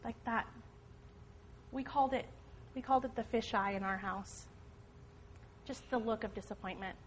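A woman's voice: on the high side, normal speed, slight background noise, low-quality recording. A middle-aged woman telling a personal story of faith to a church audience, earnest and emphatic. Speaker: speaker at a church women's event. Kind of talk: testimony talk to an audience.

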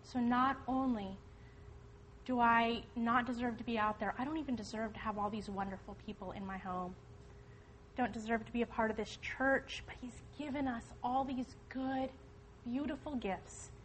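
A middle-aged woman speaks earnestly to a church gathering, pressing her points with emphasis. Her voice sits a little high, and a faint background hiss runs under it. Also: fairly even intonation, normal speed, low-quality recording. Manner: earnest, emphatic, preaching to the audience. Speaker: speaker at a church women's event. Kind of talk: testimony talk to an audience.

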